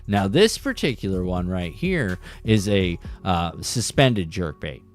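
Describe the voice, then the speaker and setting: Chatty man hosting a fishing show. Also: lowish voice. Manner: chatty, explains with stops and restarts. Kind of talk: casual live-stream tackle talk. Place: home desk.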